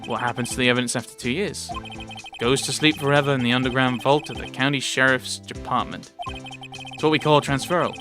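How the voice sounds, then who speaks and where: A man voicing a folksy, cowboy-talking male police officer with a hammy, exaggerated drawl, pitched above his own voice. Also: steady tone, fairly quick, close to an everyday voice. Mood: wistful. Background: game music.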